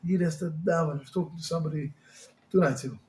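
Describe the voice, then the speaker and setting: Impassioned high-voiced rabbi, echoey room. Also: male voice, very fast. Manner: impassioned, swings from crying-out pleas to quiet storytelling; Yiddish and Hebrew words mixed into English. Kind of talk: Hasidic sermon to a small group. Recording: echoey room with faint noise.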